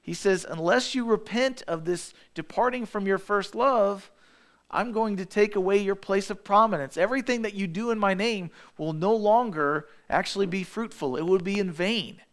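A man's voice: high-pitched, normal speed. A man preaching a sermon in a casual, storytelling way, often restarting his phrases.

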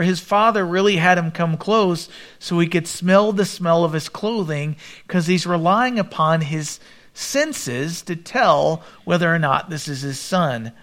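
A man preaching a sermon, reading scripture aloud and commenting, with a quieter, lower voice for the quoted speakers. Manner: expressive Bible reading with commentary, drops voice for quoted lines. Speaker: pastor.

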